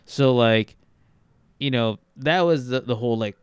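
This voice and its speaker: A man's voice: medium pitch, measured pace, clear, resonant tone, no echo. A man from Texas, co-hosting a podcast, chatting casually and rambling with many fillers and restarts. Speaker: podcast co-host. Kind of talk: casual chat.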